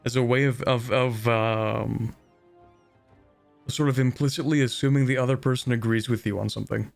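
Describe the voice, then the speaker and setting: A man with a gravelly, creaky voice chats casually on a live stream while he plays. He rambles and thinks aloud, full of fillers and small laughs. Faint game music sits underneath. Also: medium pitch, fairly even intonation, moderate pace.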